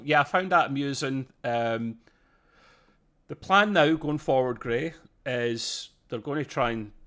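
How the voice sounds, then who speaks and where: Excitable man recapping an episode. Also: mid-range voice. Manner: excitable, laughs often while recapping. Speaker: podcast host. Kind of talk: casual episode review chat.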